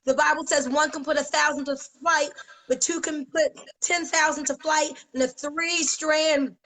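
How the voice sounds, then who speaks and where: An American woman giving a fervent, preacher-like motivational pitch to her business team on a live video, emotional at times. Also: steady tone, a little slow, a bit bright, low-quality recording. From United States. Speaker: network marketing leader.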